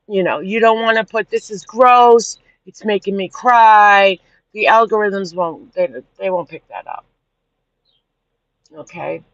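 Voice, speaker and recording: A woman chatting casually with viewers on a livestream, animated and indignant as she retells events. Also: fairly low pitch, dry recording. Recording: dull lo-fi livestream audio.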